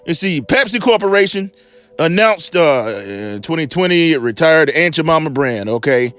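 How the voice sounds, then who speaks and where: Fiery high-pitched preacher man. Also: animated, normal speed, fairly bright tone, clear, resonant tone, soft background music. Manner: heated, profane, rambling asides. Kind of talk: informal scripture commentary.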